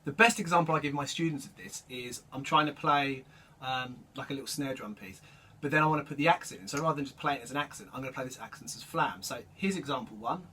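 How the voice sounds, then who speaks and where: A man teaching drum rudiments, explaining each stroke in a relaxed way and calling out the stickings as he plays. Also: mid-range voice, fast talker. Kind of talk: instructional demonstration. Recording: distant mic with loud drum noise.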